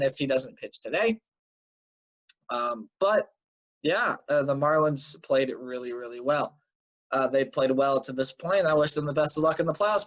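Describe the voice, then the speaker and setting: On a casual weekly sports news recap, a man with a fairly high, fairly bright voice sounds tired and keeps yawning, chatting along with plenty of "um" and "uh" and tossing out offhand predictions. It's a dull, lo-fi home recording.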